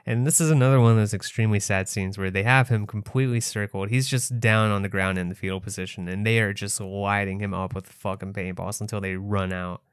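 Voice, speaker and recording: A man with a low, smooth voice chats through a horror movie plot on a podcast. He is laid-back and swears freely, and he sounds exasperated at the characters. The recording is dry and close. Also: steady tone, fairly quick, hardly any pauses, no echo. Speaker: podcast co-host. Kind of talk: casual chat recapping a movie.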